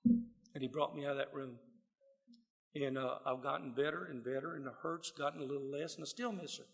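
A man's voice: a little high, fairly even intonation, brisk, creaky, breathy edge, soft background music. A man giving a heartfelt, folksy personal testimony to a gathering. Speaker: speaker sharing recovery story. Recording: long reverb of a hall.

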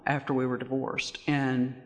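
A woman sharing her personal testimony at a recovery meeting, halting and pausing often with fillers. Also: rumbling low, little pitch movement. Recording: reverberant hall.

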